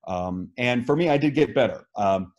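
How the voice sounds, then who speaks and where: A man's voice: mid-range voice, expressive, normal speed, a little mellow. A man, speaking as an interviewed scientist, explaining earnestly with many fillers and restarts. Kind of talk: video call interview.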